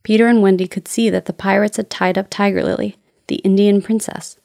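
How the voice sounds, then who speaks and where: A woman narrating a children's storybook in a clear, steady storytelling voice. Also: mid-range voice, brisk, dry recording, clean studio sound.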